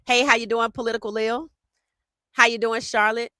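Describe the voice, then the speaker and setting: A woman hosts a live sports podcast stream. Her voice is bright and forceful. She sounds animated and teasing, and the recording is dry and close. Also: fairly high pitch, normal speed, no room sound. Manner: animated, teasing, greets chat viewers by name.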